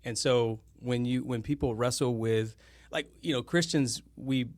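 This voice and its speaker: A man's voice: medium pitch, fairly even intonation, measured pace, darkish tone, no room sound, clean studio sound. A man speaking as a podcast guest in a casual chat, rambling and often stopping to correct himself. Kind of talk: casual conversation.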